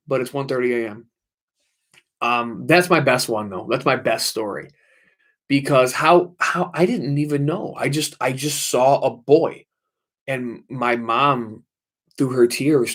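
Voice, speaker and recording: A man's voice: medium pitch, a little slow, a bit bright. A man hosting a late-night livestream, telling a ghost story in an intense, repetitive way, swearing often. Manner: intense, swearing, repeats himself for emphasis. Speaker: livestream host.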